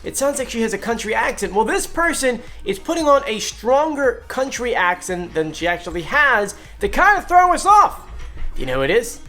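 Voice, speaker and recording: Lively, excitable man hosting a video. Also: very high-pitched, normal speed, soft background music. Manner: animated, exclaims and shouts when excited. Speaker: video host. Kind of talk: excited casual commentary.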